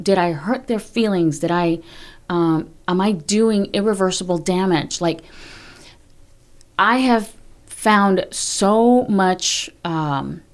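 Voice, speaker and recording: A middle-aged woman with a fairly low voice talks openly as a podcast guest. She is blunt and emphatic and drops swear words without hesitation. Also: darkish tone. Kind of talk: candid conversational interview.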